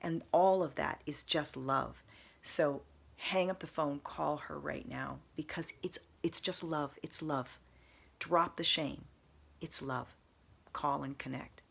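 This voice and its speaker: A woman vlogger telling a personal story in a casual, earnest, meandering way, repeating soft emphatic phrases. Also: low voice, slow, gravelly, slightly rough.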